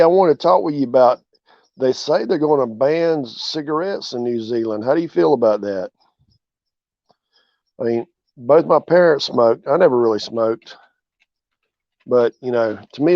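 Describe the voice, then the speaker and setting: A man's voice: mid-range voice, a little mellow, no echo. Laid-back man chatting on a porch. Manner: laid-back, chatty, greets viewers by name. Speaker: channel host. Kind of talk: casual livestream chat. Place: outdoors on a porch. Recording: dull, dry lo-fi sound.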